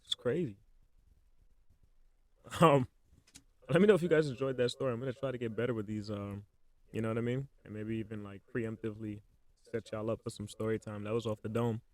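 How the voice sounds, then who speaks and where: A man's voice: lowish voice, fairly even intonation, a little fast, pauses often, darkish tone, dry recording. A man hosting a casual solo podcast, talking in slangy, joking, playful bursts as he spins an improvised spooky story into his microphone. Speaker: podcast host.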